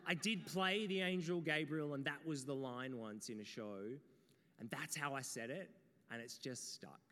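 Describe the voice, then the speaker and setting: A man preaching a sermon, telling stories and speaking straight to his listeners. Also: fairly high pitch. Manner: storytelling, animated, addresses the audience directly. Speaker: pastor. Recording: long reverb in a hall.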